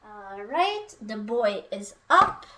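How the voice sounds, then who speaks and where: A woman's voice: mid-range voice, big pitch swings, takes it slowly, bright, forceful tone, a little hiss or hum. A young woman, chatting playfully on a live cooking stream and breaking into silly sing-song noises. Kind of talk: casual live-stream chat while cooking.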